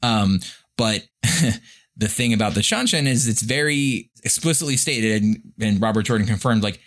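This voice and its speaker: A man co-hosting a podcast in casual chat, rambling with lots of fillers, a little profane and quick to chuckle. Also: lowish voice, expressive, fairly bright tone. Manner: profane and playful. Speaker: podcast co-host.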